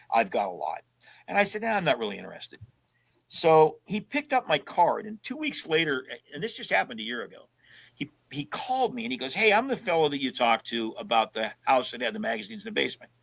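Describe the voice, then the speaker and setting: A man's voice: mid-range voice, sing-song, a little fast, vocal fry, fairly bright tone, poor audio. An older man, a guest in an interview, telling casual stories and acting out both sides of old conversations in a folksy way. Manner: folksy storyteller who acts out both sides of past conversations.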